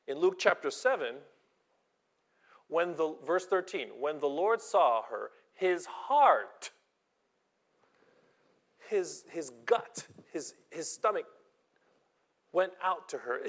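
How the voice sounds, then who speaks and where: Slow, high-voiced male preacher. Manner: earnest, acts out quoted voices, repeats words. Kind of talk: sermon.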